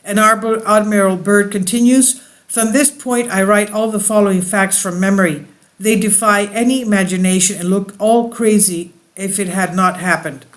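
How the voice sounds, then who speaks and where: High-voiced man reading a diary aloud. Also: fairly even intonation, fairly bright tone. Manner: halting reading with slips, restarts and fillers; breaks off to explain to listeners. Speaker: channel host reading and commenting.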